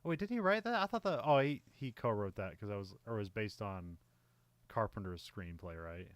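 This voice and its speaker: A man's voice: lowish voice, expressive, normal speed, dry recording. A man co-hosting a casual movie podcast, talking in a loose, rambling way. He laughs often and fills his speech with "like" and "you know." His voice is recorded dry and close. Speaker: podcast co-host.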